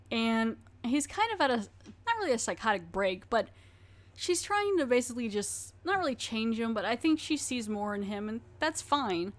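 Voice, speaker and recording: A woman hosting a podcast, recapping a horror episode in an animated, chatty way, laughing and acting out the characters' lines. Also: on the high side. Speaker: podcast host.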